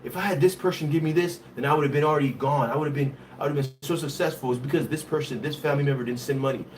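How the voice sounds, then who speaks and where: A man's voice: a little high, racing, a little mellow. A young man hosting a casual livestream, reading viewer comments aloud and mixing in Haitian Creole. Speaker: livestream host. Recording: faint background noise, somewhat distant from mic.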